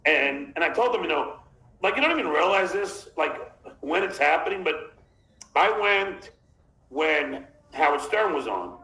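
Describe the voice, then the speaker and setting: A man's voice: on the high side, lively intonation, unhurried, vocal fry, bright, forceful tone, reverberant, rough recording. A man hosting a podcast in casual chat, rambling and reading chat messages aloud. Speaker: podcast host.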